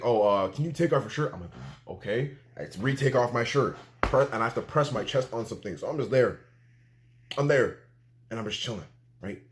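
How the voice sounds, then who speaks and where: A young man telling a storytime vlog, excitable and slangy, repeating filler phrases and acting out quoted dialogue. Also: medium pitch.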